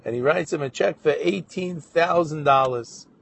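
A man telling a moral story as a Torah lesson, narrating with animated questions and voiced quotes. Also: fairly high pitch, normal speed, vocal fry, a little hiss or hum. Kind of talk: storytelling sermon.

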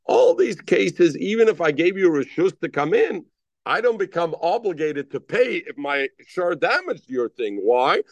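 A man's voice: a little high, very animated, a little slow, no room sound. A man teaching a Daf Yomi Talmud class, calling on students by name and mixing in Hebrew and Aramaic terms.

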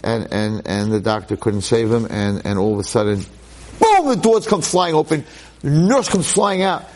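A man giving a storytelling talk, animated and acting out voices, sprinkling in Yiddish and Hebrew words. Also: on the low side, moderate pace. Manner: peppers his speech with Yiddish and Hebrew words. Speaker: lecturer.

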